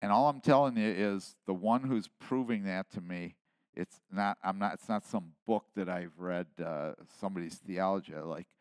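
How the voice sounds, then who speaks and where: A man in his seventies preaching a sermon with passion, dropping to quiet asides and then rising to loud emphasis. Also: deep voice, normal speed, clean tone, no room sound. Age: 70s. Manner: impassioned preaching, swinging between soft asides and loud emphasis. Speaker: pastor.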